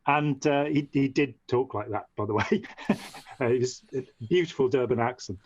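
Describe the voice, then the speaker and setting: A man's voice: mid-range voice, normal speed, a little mellow, slightly rough. A man telling a long story as a podcast guest, rambling and restarting with frequent "you know". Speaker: podcast guest, former member of a movement. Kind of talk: long-form storytelling in conversation. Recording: dull, dry lo-fi audio.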